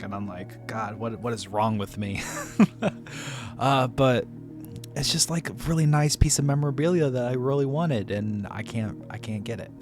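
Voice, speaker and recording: A movie reviewer with a medium-pitched voice casually tells the story of his day at the movies. He rambles, restarting and correcting himself often, and laughs at himself.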